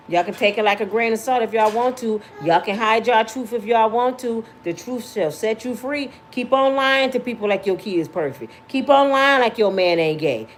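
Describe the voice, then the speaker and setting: A woman in her fifties talks straight to her vlog viewers in a passionate, preachy way, sometimes rising to a yell. Her voice sits a little high. A faint hiss runs under the recording. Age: 50s. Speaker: vlog host. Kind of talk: casual talk to viewers.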